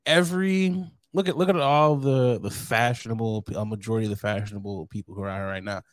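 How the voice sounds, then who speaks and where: A man's voice: fairly low pitch, fast talker, dry recording. Joking laughing man hosting a podcast. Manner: joking, laughs often, lively storytelling. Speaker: podcast host. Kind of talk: casual podcast chat.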